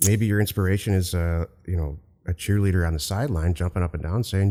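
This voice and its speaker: A man hosting a business podcast, chatting in a relaxed, encouraging way with light jokes. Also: sits low, fast talker, in a large hall. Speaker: podcast host. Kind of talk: casual chat.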